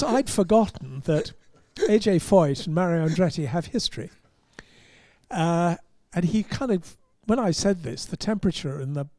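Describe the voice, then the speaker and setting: A man's voice: a little high, warm tone, dry recording, clean studio sound. An English man, a motorsport journalist, telling wry, rambling anecdotes with restarts in casual podcast talk. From England.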